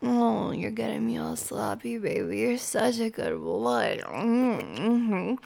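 A woman's voice: a little high, sing-song, slow, vocal fry, darkish tone. A woman performing an erotic audio role-play in a dominant, teasing manner, often dropping to a whisper.

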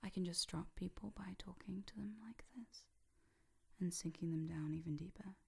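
A woman guiding a hypnosis session, dropping to slow whispers to sink the listener and lifting her voice to wake them, counting slowly. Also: fairly low pitch, steady tone, gravelly, slightly rough. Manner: switches between sinking whispers and bright rising calls.

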